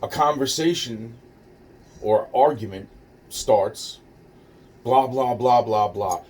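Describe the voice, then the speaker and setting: A man's voice: mid-range voice, takes it slowly, long pauses, a little mellow, breathy edge. A man casually telling a personal story, rambling and profane, with many restarts and fillers. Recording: distant mic with faint noise.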